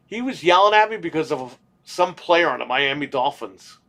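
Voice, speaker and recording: A man's voice: fairly high pitch, lively intonation, moderate pace, a bit bright. Profane, rambling man chatting on stream. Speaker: podcast co-host. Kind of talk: casual livestream chat.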